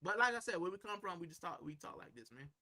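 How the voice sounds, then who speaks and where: A man hosting a live stream from a corner at home, his voice sitting high and sounding very bright and forceful. He rambles loosely and casually, answering viewers' comments and dropping "bro" into almost every sentence. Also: animated, quick pace. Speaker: livestream host.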